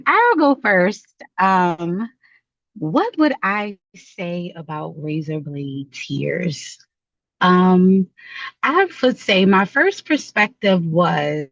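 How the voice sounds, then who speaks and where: A woman's voice: medium pitch, dry recording, muffled recording. A woman in a video call book club, thinking aloud with lots of ums and restarts. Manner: thoughtful, hesitant, many ums and restarts. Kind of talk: casual discussion.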